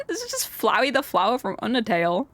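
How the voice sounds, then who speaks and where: A young woman streaming a game, chatting casually and excitably, often ranting and laughing. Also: fairly high pitch. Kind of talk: casual live-stream chat while playing.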